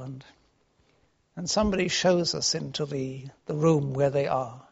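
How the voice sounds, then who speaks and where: A man delivers a sermon in a high voice, earnest and storytelling. He swells for emphasis, then sinks to near hushes. The recording sounds dull and lo-fi. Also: measured pace, creaky. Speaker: preacher.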